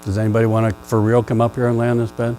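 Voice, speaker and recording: A male pastor preaching a sermon in a church, conversational and playful with the congregation, rising to loud emphatic questions. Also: mid-range voice, monotone, very fast, slight background noise, low-quality recording. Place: church sanctuary.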